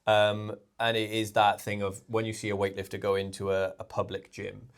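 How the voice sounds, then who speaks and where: A man hosting a strength and conditioning podcast, talking in a casual, sweary, animated way. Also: on the low side, moderate pace. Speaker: podcast host, strength coach.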